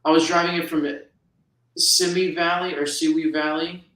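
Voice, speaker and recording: A man's voice: on the high side, flat delivery, normal speed, a bit bright. A man from New Jersey chatting casually as a guest, rambling with many restarts. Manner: rambling, full of restarts and fillers. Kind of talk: casual chat. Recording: echoey room.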